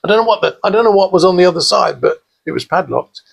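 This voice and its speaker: A man's voice: sits high, expressive, quick pace, creaky, slightly rough, lo-fi sound. An older man from England, a podcast guest telling rambling anecdotes with many fillers and laughs. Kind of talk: casual storytelling.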